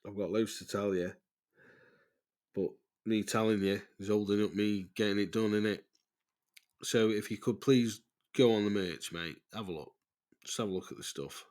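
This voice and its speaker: A man talks loosely through a casual voice-note podcast, his voice sitting a little low. He rambles, stalls and swears freely, and he laughs at his own tangents. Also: fairly even intonation, moderate pace, pauses often, a little mellow. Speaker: podcast host.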